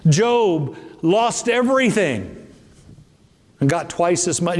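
Animated high-voiced male preacher in a hall. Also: slow pace. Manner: emphatic, repetitive preaching with sudden pitch jumps. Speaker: bishop preaching. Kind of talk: sermon.

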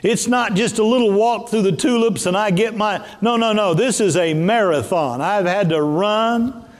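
A man preaching a sermon as a bishop, emphatic and repetitive, leaping up and down in pitch for effect. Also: moderate pace, in a large hall.

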